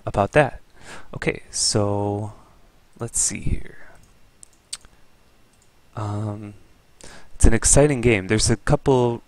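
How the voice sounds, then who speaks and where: Low-voiced man reviewing a Go game. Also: no room sound.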